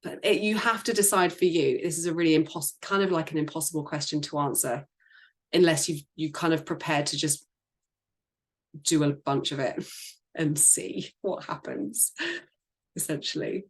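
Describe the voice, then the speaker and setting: A woman's voice: deep voice, moderate pace. A woman business and sales coach talking casually in a group discussion, chatty, laughing often and acting out quoted lines.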